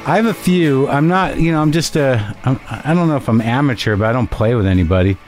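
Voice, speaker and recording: A man hosting a podcast, talking in a rambling, profane, animated and self-deprecating way from a home studio. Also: medium pitch, brisk, soft background music. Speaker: podcast host. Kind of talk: monologue and casual interview.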